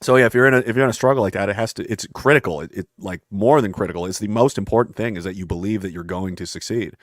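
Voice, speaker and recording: A man's voice: on the low side, racing, no room sound, studio quality. A man talking in a casual conversation, intense and rambling, often acting out voices from his stories. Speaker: podcast guest.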